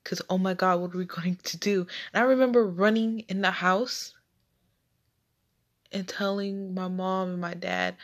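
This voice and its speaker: A young woman telling a personal childhood story, halting with repeats and restarts. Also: mid-range voice, fairly even intonation.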